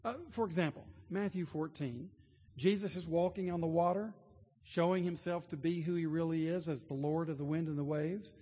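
A man's voice: a little high, fairly even intonation, moderate pace, mellow, husky. A man preaching a sermon, telling stories earnestly and building to emphatic points. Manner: earnest storytelling, rising to emphatic. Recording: long hall reverb.

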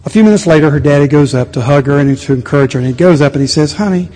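A man's voice: a little high, rapid-fire. Preaching man in a reverberant hall. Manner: animated preaching with sudden quiet asides. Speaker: pastor. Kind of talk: sermon. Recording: long reverb of a large hall.

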